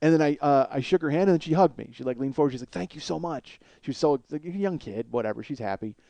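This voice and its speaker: A man in his forties, a comedian host, telling a long story in a blunt, profane, animated way. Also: on the high side, racing, no echo. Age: 40s.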